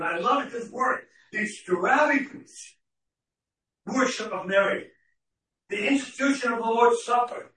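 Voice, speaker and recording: A man preaching a sermon, often repeating words and restarting, then rising to shouted questions to the congregation. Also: very high-pitched, a little hiss or hum. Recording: very echoey hall from far off.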